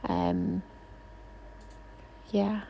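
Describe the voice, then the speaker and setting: Woman, nail technician, casual tutorial voice-over, unhurried, rambling, apologetic, self-deprecating. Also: very deep voice, big pitch swings, gravelly, lo-fi sound, a little hiss or hum.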